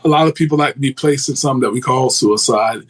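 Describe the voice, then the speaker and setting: A man's voice: mid-range voice, fast talker, breathy edge, low-quality recording. A man, a former corrections officer, telling vivid stories in a casual interview and acting out the voices of people he quotes. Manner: animated storyteller, acts out quoted voices, restarts often.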